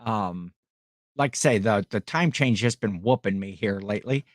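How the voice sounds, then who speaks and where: A man's voice: fairly low pitch, moderate pace, no room sound, studio quality. A man hosting a casual livestream, rambling in a friendly way and chatting with his viewers. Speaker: livestream host and online reseller.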